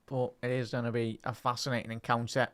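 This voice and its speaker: A man's voice: mid-range voice, little pitch movement, quick pace, dry recording. Chatty Liverpool man calling the match live. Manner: chatty, reads live chat aloud and lifts into play-by-play calls. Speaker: watch-along commentator. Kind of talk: live match-day watch-along commentary.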